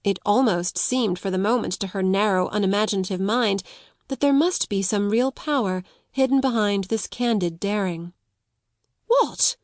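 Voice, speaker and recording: A woman reading a classic novel aloud as an audiobook narrator, in measured storytelling. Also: mid-range voice, no echo, clean studio sound. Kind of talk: scripted narration.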